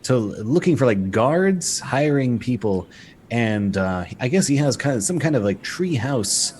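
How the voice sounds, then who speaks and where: A man's voice: medium pitch, very animated, unhurried, darkish tone, slight background noise. A man doing a chatty gnome with his mouth full. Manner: mouth full, rambling and eager. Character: hungry chatty male gnome adventurer.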